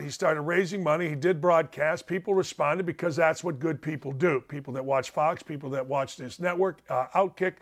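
A man's voice: high voice, fairly bright tone. A man hosting a talk show, delivering combative, sarcastic commentary full of rhetorical questions. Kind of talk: opinionated commentary.

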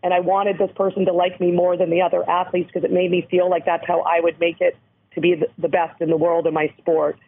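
A woman from Canada with a hoarse voice, speaking earnestly as an interview guest who educates on abuse prevention. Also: fairly low pitch, flat delivery, brisk. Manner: earnest, emphatic, explanatory. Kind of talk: interview over the phone. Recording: tinny phone line.

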